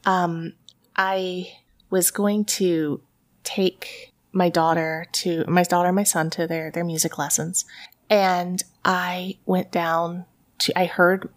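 A woman from Tennessee who hosts a ghost story podcast, telling a story in casual chat, animated and sweary with lots of "like". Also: fairly low pitch, slow.

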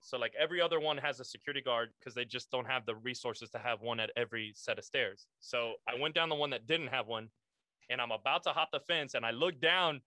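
Young man, bright forceful voice, dry close sound, slangy profane storytelling. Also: medium pitch, quick pace, no echo. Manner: profane, slangy, calls listener bro. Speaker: guest. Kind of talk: casual storytelling.

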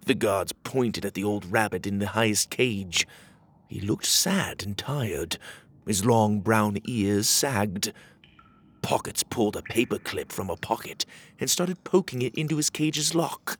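A man narrating a children's storybook in an animated, expressive way. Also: lowish voice, unhurried, slightly rough.

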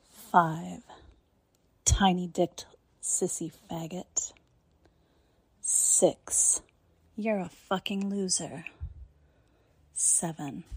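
A woman performing a scripted dominant role-play monologue in a commanding, taunting manner, often dropping into breathy whispers. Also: lowish voice, a little mellow, dry recording. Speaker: narrator.

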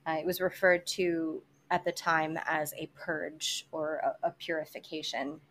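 A woman's voice: low voice, little pitch movement, a little slow, a bit bright, a little hiss or hum. A woman hosting a podcast, telling a history story in casual chat, with many fillers, restarts and some swearing. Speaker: podcast host presenting history.

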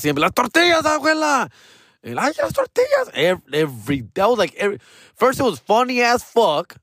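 A man's voice: a little high, fairly bright tone, dry recording. Laid-back slangy man talking in a dry room. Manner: slangy, profane, peppers talk with "dog" and "fool"; switches into Spanish mid-sentence. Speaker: vlogger. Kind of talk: casual personal monologue. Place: his room at home.

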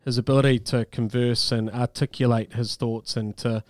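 Kiwi male breakfast co-host, easygoing banter, mid pitch, dry studio sound. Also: little pitch movement, moderate pace, no echo. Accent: New Zealand. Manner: chatty, laughs often, warm praise for guests. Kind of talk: casual radio banter. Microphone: studio mic, dry.

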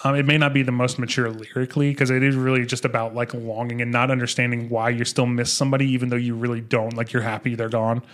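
A young man hosting a podcast, chatting casually and excitedly about an album, swearing and restarting his sentences. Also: mid-range voice, fast, hardly any pauses. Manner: excitable, profane, rambling with restarts. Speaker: podcast host. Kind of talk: casual music review chat.

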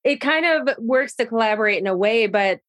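An American woman hosting a podcast interview, bubbly and gushing, with quick chatty asides. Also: a little high, lively intonation, fairly bright tone. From United States. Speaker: podcast host. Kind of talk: casual interview chat.

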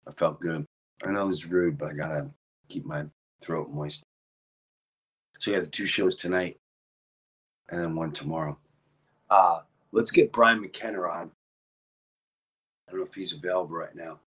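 A man hosting a podcast in casual chat, talking in a low-key, subdued way with a sore, worn-out throat. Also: normal speed, pauses often, a bit bright, husky. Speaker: podcast host.

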